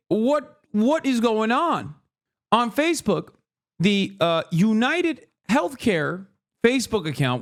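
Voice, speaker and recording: A man's voice: high-pitched, a bit bright. A man hosting his show, ranting with profanity and mocking the voices of others. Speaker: streamer and show host. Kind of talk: ranting commentary.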